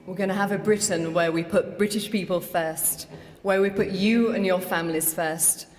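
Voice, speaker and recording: A middle-aged woman gives a rallying victory speech in a low-pitched voice. She makes emphatic declarations into a lectern microphone. Her words ring out with a long reverb through a large count hall. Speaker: newly elected mayor. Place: election count hall, indoors.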